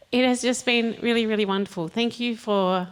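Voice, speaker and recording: A woman's voice: fairly high pitch, moderate pace, clean tone. A woman from a congregation speaking nervously, with ums and little laughs. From Australia. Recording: long hall reverb.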